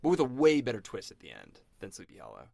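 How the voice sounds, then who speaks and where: Lively dude chatting on a podcast, lots of likes, dry sound. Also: male voice, medium pitch, quick pace, vocal fry, dry recording. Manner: animated, chatty, lots of fillers. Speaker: podcast co-host. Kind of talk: casual chat.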